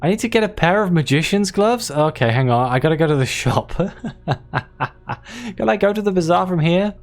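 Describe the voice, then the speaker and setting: A man narrating an interactive fiction game aloud and dropping in wry, chatty asides. His delivery is lively and full of pitch movement. Soft music plays quietly underneath. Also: normal speed. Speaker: let's play host.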